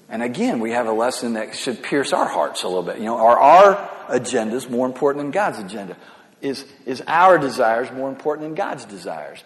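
A male pastor preaching a sermon in a conversational way, often repeating words and asking "right?". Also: medium pitch. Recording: echoey hall reverb.

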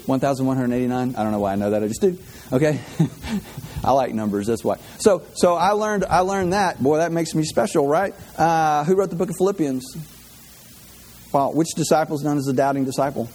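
A man's voice: a little high, fairly quick, darkish tone. A man delivering a casual, conversational sermon with self-deprecating jokes and emotional, heartfelt moments. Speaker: pastor.

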